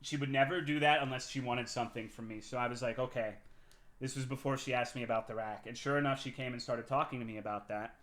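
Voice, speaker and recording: A man's voice: medium pitch, steady tone, quick pace, fairly bright tone. A man telling a long work story on his live stream in a casual, profane, rambling way, often restarting his sentences.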